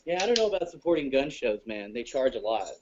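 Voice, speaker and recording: A man's voice: medium pitch, sing-song, fast talker, noisy background. A man from Arizona making laid-back, offhand remarks in casual chat. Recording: dull lo-fi stream audio.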